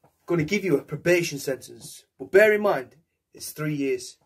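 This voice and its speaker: A stern judge hands down a sentence in a firm, measured voice, as a young man puts her on. The tone is husky and set lower than his usual pitch, and the delivery is lecturing. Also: lively intonation.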